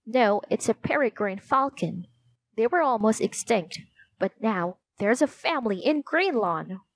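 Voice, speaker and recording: A woman's voice: a little high, animated, unhurried, dry recording. A woman voicing an earnest young boy who loves watching falcons.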